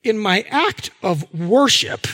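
A man's voice: high-pitched, expressive, takes it slowly, sharp tone. A middle-aged male pastor preaching a sermon, telling stories and acting out the people in them. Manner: storytelling, acts out anecdotes with voices.

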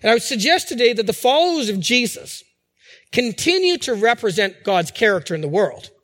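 A man's voice: very high-pitched, sing-song, fairly quick, fairly bright tone. A middle-aged man preaching a sermon, talking conversationally with fillers and restarts. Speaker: pastor. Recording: long hall reverb.

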